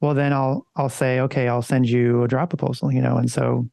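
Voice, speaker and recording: Gravelly man chatting on a podcast. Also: mid-range voice, little pitch movement, fairly quick, mellow, dry recording. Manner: conversational, loose and swearing. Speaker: podcast co-host. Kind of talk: casual podcast chat.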